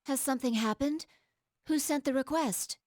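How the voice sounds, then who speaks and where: A woman voicing a calm, formal female combat android who speaks politely and precisely. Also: high voice, moderate pace, voice pushed up, lightly acted. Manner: polite, precise, softly spoken. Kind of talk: reading a game story aloud.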